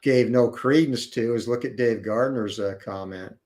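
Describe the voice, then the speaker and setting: Man, casual guest chat, knowledgeable, steady, filler words, mid pitch. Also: moderate pace.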